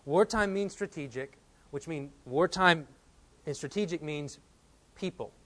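Higher-voiced man preaching a sermon. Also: unhurried, a bit bright. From Texas. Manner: storytelling, builds to emphatic urgency. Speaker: pastor.

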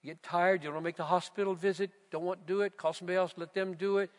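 A man preaching a sermon, slow and emphatic, building to loud, fervent repetitions. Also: sits high, fairly even intonation. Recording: long reverb of a large hall.

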